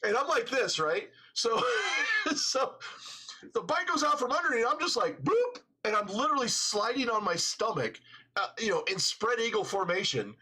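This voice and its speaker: Animated husky man telling a story. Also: extremely high pitch, moderate pace. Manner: animated, laughing storyteller, swearing freely. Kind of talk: casual storytelling chat.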